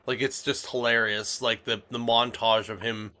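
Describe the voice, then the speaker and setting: A man's voice: medium pitch, little pitch movement, moderate pace, bright, forceful tone. A man hosting a casual comic shop podcast, rambling with lots of fillers and restarts. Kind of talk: casual chat.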